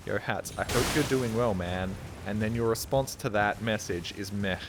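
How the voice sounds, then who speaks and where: A man's voice: on the low side, moderate pace, noisy background. A man streaming a video game, talking casually in a rambling, profane, joking way. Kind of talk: casual live-stream gaming commentary.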